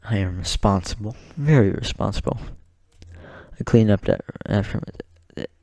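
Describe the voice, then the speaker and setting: A young man delivers a rambling vlog rant in a low, gravelly voice that stays flat. He talks slowly, short of breath, with stops, restarts and swearing, close to the mic in a dry room. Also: no echo. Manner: slow, halting, with swearing and restarts. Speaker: vlogger. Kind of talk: casual rant to camera.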